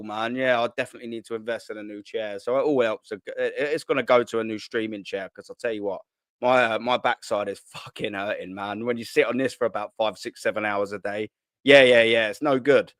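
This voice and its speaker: A young man, hosting a casual live stream from his kitchen at home, talking in excitable slang, swearing and repeating himself. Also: mid-range voice, fairly quick, no echo, clean studio sound. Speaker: football channel host. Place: at home, sitting at a kitchen island.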